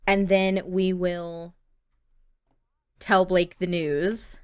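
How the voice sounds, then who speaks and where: A woman's voice: on the low side, flat delivery, extremely slow, smooth, no echo. A young woman giving chatty, playful commentary while playing a life-sim game. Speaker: gameplay video host. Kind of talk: casual gameplay commentary.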